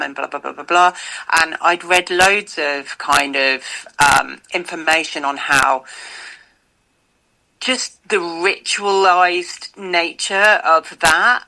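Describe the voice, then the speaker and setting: A woman's voice: deep voice, fairly even intonation, slow pace, creaky, pushed and bright, rough recording. A woman guest on a podcast, telling personal stories in an open, enthusiastic, loosely rambling way. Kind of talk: casual podcast chat.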